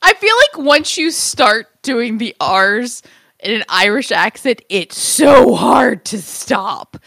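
A woman's voice: on the high side, animated, slow, sharp tone, dry recording, studio quality. A woman co-hosting a casual podcast chat, giggly and chatty, with lots of "like" fillers. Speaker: podcast co-host.

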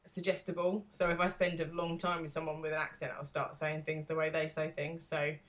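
English woman, podcast co-host, lowish voice, chatty, casual talk. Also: flat delivery, brisk. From England. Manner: chatty, laughs often, asks questions.

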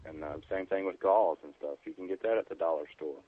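An EMT appears as a guest on a preparedness podcast, explaining things plainly and easygoingly in a casual interview full of fillers. He has a low voice and talks fast. The audio comes over a tinny phone line, with no echo.

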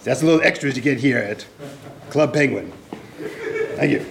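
A man voicing an excitable animal puppet who hosts a stage show in a live puppet comedy. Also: mid-range voice, normal speed, gravelly, a little hiss or hum, natural voice. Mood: playful. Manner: bouncy, jokey, swoops up and down. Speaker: show host.

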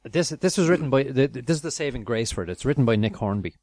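A man's voice: mid-range voice, expressive, quick pace, darkish tone, no echo. A man hosting a casual film review podcast, rambling with fillers and restarts and laughing easily. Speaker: podcast host.

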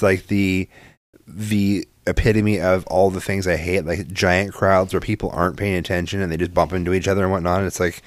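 A man's voice: low-pitched, dry recording, clean studio sound. A man co-hosting a casual chat show, telling rambling family stories, laughing often and swearing casually. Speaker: podcast co-host.

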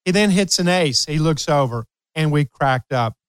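Laughing storyteller man, smooth voice. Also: fairly high pitch, lively intonation, moderate pace, dry recording. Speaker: host, tennis coach. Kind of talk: storytelling in casual chat.

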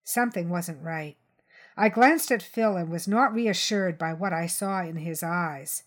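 A woman's voice: fairly low pitch, unhurried. Woman reading a crime story aloud. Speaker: reader. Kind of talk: audiobook narration of a crime short story.

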